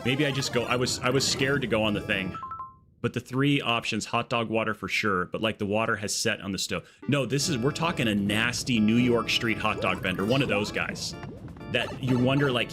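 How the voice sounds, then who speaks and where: Low-voiced jokey male streamer. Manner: jokey, riffing excitedly with chat. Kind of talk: casual live-stream chat while playing.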